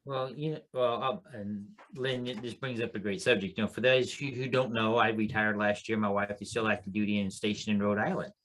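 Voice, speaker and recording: A middle-aged man speaking as a panelist in a relaxed, conversational way. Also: on the low side, brisk, hardly any pauses. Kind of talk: casual panel chat.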